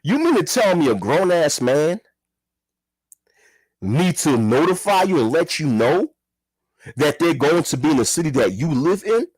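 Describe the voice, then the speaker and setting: A man's voice: fairly high pitch, sing-song, a little slow, long pauses, darkish tone, slightly rough, dry recording. A man giving a heated, profane commentary rant, repeating himself and firing rhetorical questions. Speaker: commentary vlogger. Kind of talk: ranting commentary.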